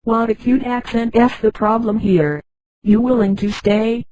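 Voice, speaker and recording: A computer-voiced woman reading the lines of a weary male ex-officer, in a flat delivery. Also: fairly high pitch, unhurried, dry recording, natural voice, poor audio.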